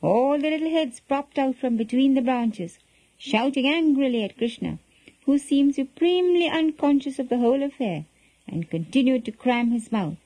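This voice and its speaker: A woman reading a children's story aloud in a gentle, expressive storytelling manner. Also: high voice, moderate pace, no echo, rough recording.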